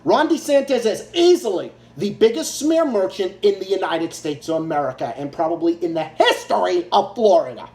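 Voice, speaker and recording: A man's voice: high-pitched, animated, moderate pace, few pauses, a little mellow. A man ranting angrily in a profane, repetitive way, giving political commentary. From Massachusetts, US. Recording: echoey room.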